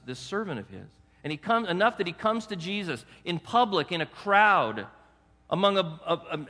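A male preacher with a fairly high, bright, forceful voice delivers a sermon in a conversational way. He keeps turning to the congregation with questions and often stumbles into restarts. His voice rings out with a long reverb, like in a big church sanctuary. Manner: frequent restarts and repeated words. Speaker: pastor. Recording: long reverb of a large hall.

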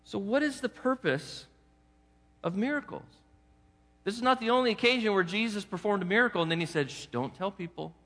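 A male pastor delivering a sermon, animated and coaxing his congregation with rhetorical questions. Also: high-pitched, fairly quick, in a large hall.

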